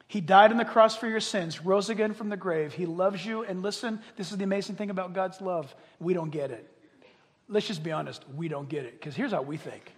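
An older man delivers a sermon in a high, wildly swinging voice. He moves between near-whispered confession and loud, passionate cries, acting out the people he quotes for laughs. The hall around him rings with a long reverb. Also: animated, a little fast. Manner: swings from quiet intimacy to loud impassioned calls; acts out quoted voices, jokes with the crowd. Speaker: pastor.

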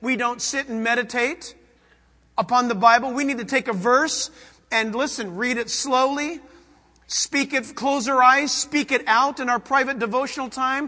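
A pastor preaches with a very high, bright and ringing voice. He drops to near whispers and then surges to loud emphasis. His words carry the long echo of a big church hall. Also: lively intonation, unhurried. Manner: dramatic, swings from hushed to loud emphasis. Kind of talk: sermon.

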